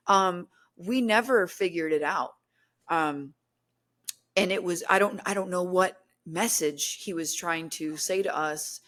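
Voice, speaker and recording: A woman's voice: on the low side, normal speed. Chatty young woman telling a story. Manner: animated, acts out quotes with lots of "like" and "um". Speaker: guest, paranormal content creator. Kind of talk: casual storytelling in a podcast chat.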